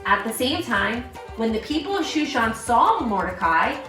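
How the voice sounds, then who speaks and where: A woman's voice: a little high, very animated, normal speed. A woman reading a children's holiday story aloud as storyteller, playfully prompting listeners to cheer and boo. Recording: roomy sound from a distant mic, music behind.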